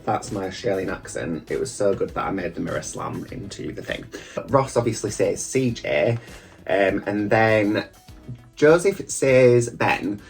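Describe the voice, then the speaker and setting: Getting ready at a mirror, a man who is a drag queen reviews a TV show in a campy, casual reaction chat full of rambling asides. His voice is lowish and a little slow, with vocal fry and lively intonation, over soft background music.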